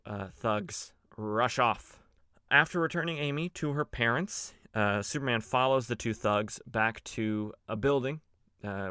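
A young man recaps old comic stories for his podcast in a loose, chatty way, full of fillers and quick asides. His voice is bright and crisp, recorded close in a dry room. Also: fairly low pitch, no room sound. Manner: loose and chatty, many fillers, playful voices for quoted characters. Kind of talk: casual comic recap with acted quotes.

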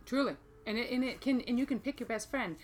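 A woman's voice: fairly high pitch, quick pace, slight background noise. An American woman in casual chat, often affirming and telling her own travel stories. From United States. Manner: warm agreeing listener with frequent affirmations and laughs.

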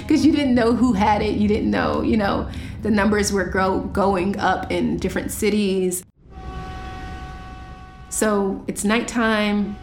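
A woman's voice: mid-range voice, darkish tone, slight background noise. A woman from the United States telling a personal story in a casual, chatty way, full of "like" and acted-out dialogue. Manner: chatty, peppered with "like", acts out dialogue.

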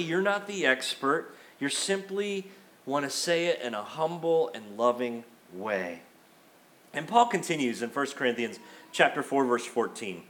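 A man's voice: a little high, fairly bright tone. A middle-aged man preaching a sermon as a pastor, conversational and emphatic, acting out quotes in the middle of his points. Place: church sanctuary.

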